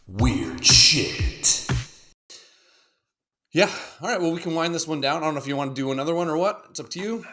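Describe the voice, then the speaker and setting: A man co-hosting a podcast, chatting casually about videos in a profane, excitable, rambling way. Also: fairly high pitch, rapid-fire, hardly any pauses, faint music behind. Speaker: podcast co-host. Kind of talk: casual chat reacting to videos.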